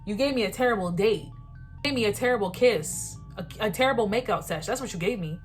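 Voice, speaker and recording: A 21-year-old woman vlogger telling a candid story in casual talk, animated, laughing often and using slang. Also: medium pitch, fairly quick, faint music behind. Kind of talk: casual storytime while getting ready.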